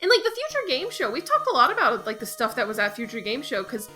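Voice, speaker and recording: Bright-voiced woman, sardonic podcast chatter. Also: high-pitched, huge pitch swings, soft background music. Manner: chatty, sardonic, quick asides. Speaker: podcast co-host. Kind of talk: casual chat.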